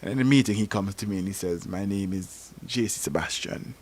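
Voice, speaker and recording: A man from Antigua with an Antiguan accent, telling stories on a talk show in an animated, emphatic way. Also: low voice, fairly quick. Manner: animated storytelling, rising to emphatic peaks. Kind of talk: casual talk show discussion.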